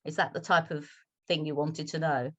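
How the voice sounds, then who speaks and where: A British woman English teacher from London, speaking with a polished RP accent in measured, slowed speech on a video call. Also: sits low, fairly even intonation, lo-fi sound. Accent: British RP, London roots. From London, England. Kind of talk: online Q&A talk.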